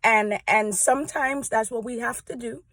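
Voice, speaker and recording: A woman's voice: fairly high pitch, fairly even intonation, normal speed, a bit bright, no room sound, clean studio sound. A woman speaking earnestly and heartfelt in a conversational devotional talk to camera, often checking in with "right?". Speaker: church praise team member sharing encouragement.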